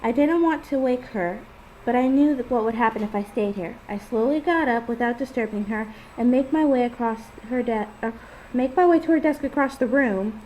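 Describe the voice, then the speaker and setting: A woman's voice: a little high, normal speed, highs cut off, a little hiss or hum. A woman casually reading her own first-person story aloud. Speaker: fan fiction author and reader.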